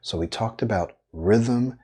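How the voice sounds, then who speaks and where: A man coaching on speech in an instructional lesson, speaking in a measured way and stretching words to stress them. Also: lowish voice, dark tone, husky.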